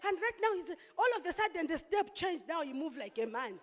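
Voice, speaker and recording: A woman pastor delivering an impassioned sermon, with sudden loud outbursts. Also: extremely high pitch, big pitch swings, fairly quick, a crowd in the background, noisy background. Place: church hall. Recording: long hall reverb.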